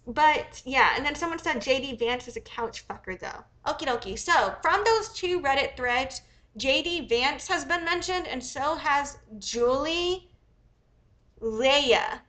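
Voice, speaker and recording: Young American woman, livestream commentator, high and bright, a bit sick, profane, rambling. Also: expressive, unhurried. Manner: profane, rambling, thinks aloud. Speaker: livestream host.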